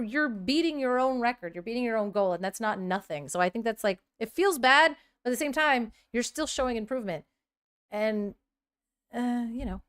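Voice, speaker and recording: A woman in her thirties chatting casually on a live stream, reacting aloud as she scrolls and now and then breaking into excited squeals. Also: a little high, clear, resonant tone.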